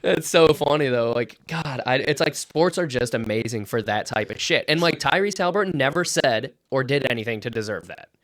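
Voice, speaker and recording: A man co-hosting a casual sports podcast, telling stories with lots of swearing and acting out quotes loudly. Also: mid-range voice, a little fast, hardly any pauses. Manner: animated storyteller, swears freely, acts out quotes loudly. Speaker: podcast co-host.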